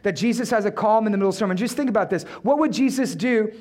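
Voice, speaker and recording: A man's voice: high-pitched, racing, a little mellow. A man preaching a conversational sermon who keeps asking the listeners rhetorical questions.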